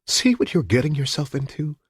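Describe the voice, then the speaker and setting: A man's voice: fairly high pitch, big pitch swings, fairly quick, slightly rough, no room sound, clean studio sound, voice pushed up. A male narrator voicing a frightened, miserable young female hostage in a raised, pleading voice. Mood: distressed.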